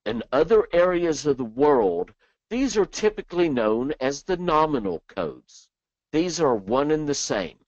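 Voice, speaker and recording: A man presents a software training webinar with a lively, swooping pitch that sits a little high for a male voice. He talks in a chatty way and slips in jokes. The sound is dull and lo-fi, very dry with no room echo. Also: a little slow. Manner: chatty, joking asides.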